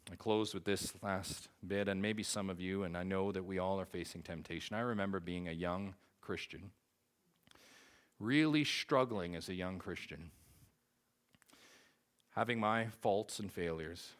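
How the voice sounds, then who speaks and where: Deep-voiced impassioned male preacher. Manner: impassioned, repeats phrases for emphasis. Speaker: pastor. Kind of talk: sermon with closing prayer.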